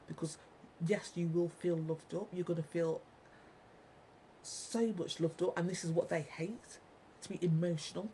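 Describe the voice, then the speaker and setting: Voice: mid-range voice, creaky, a little mellow, slight background noise, rough recording. Angry profane rant, repetitive, addressed to viewers. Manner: ranting, heavily profane, repetitive. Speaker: vlogger.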